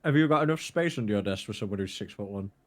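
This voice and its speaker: A man's voice: fairly low pitch, lively intonation, quick pace. A man with a northern English accent chatting casually on a stream, wry and laid-back. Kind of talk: casual chat.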